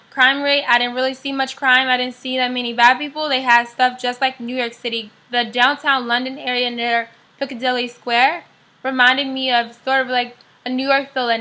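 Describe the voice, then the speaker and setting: Bright high-voiced young woman vlogger. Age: young adult. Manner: chatty, upbeat, rambling with fillers. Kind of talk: casual vlog chat.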